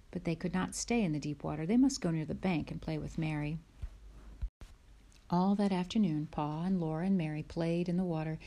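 Woman storybook reader, low warm voice, gentle, whispers at tense moments. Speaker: narrator. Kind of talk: reading a children's book aloud.

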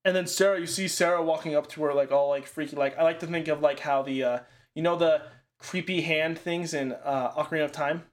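Rambling man with a fairly high voice. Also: fairly even intonation, a little fast. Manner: rambling, heavy on "like" and casual swearing. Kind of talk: casual chat recapping a horror movie.

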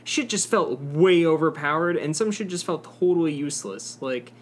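A young man talks through a gaming story in a loose, rambling way, full of fillers and cursing. His voice sits a little high for a man. A faint hiss runs under the recording. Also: lively intonation, normal speed. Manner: rambling, swears a lot, many fillers. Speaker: podcast co-host. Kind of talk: casual gaming chat.

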